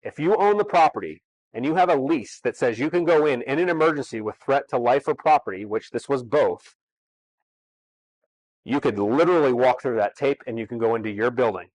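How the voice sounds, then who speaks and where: A man's voice: medium pitch, expressive, brisk, darkish tone, no room sound, low-quality recording. A man presenting at a real estate seminar, explaining rules emphatically in a conversational way.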